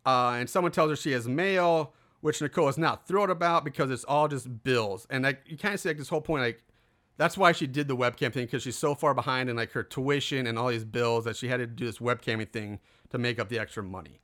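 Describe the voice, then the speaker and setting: Bright-voiced man recapping a film. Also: medium pitch, quick pace. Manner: rambling, lots of fillers, acts out quotes. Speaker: podcast co-host recapping a film. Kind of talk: casual recap chat.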